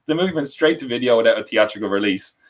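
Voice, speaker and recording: A man's voice: mid-range voice, animated, racing, low-quality recording. A young man hosting a podcast live stream, rambling and correcting himself as he introduces guests. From Ireland. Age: young adult. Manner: rambling, self-correcting, laughing often. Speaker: podcast host. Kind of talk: casual live stream chat.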